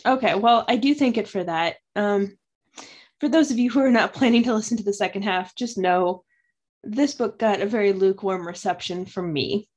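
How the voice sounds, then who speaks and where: A woman's voice: medium pitch, moderate pace, a little mellow, highs cut off. A woman co-hosting a casual book review podcast, playful and teasing, laughing often. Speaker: podcast co-host.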